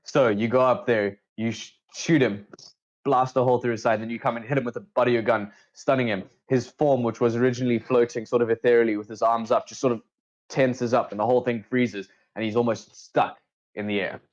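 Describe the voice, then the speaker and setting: A man's voice: medium pitch, steady tone, fairly quick, highs cut off. A man acting as dungeon master in a casual tabletop game, checking rules aloud as he goes.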